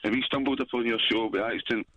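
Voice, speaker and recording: A man's voice: mid-range voice, steady tone, fast, a bit bright, no room sound. A man with a Scottish accent calling a radio show at night, chatty and eager. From Scotland. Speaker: caller. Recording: phone line.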